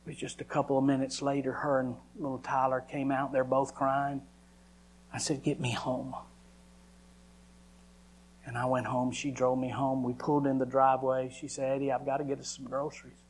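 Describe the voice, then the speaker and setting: Man, preacher, testimony sermon, dramatic storytelling, mid pitch. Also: little pitch movement, moderate pace, slight background noise. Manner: dramatic storytelling, acting out his own cries.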